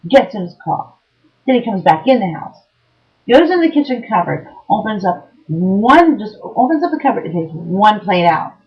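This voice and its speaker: A middle-aged woman telling a personal story about an abusive ex-partner, talking earnestly with frequent ums and restarts. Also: lowish voice. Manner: earnest and emotionally raw. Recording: dull lo-fi home recording.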